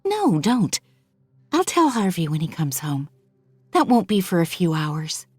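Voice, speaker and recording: A woman's voice: lowish voice, big pitch swings, unhurried, breathy edge, no room sound, heavily acted. A woman voicing an anxious young mother who talks in a fretful, plaintive way. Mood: indignant.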